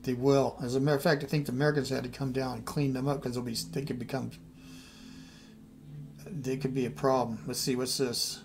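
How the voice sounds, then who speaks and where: A man's voice: medium pitch, little pitch movement, a little fast, gravelly. A middle-aged man thinking aloud as he plays a strategy game, muttering and trailing off. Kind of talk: casual game commentary.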